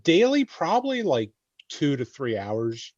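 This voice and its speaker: A man's voice: fairly high pitch, huge pitch swings, a little slow, a little mellow, no room sound. Easygoing man on a dull-sounding mic. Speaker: podcast guest. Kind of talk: casual podcast chat.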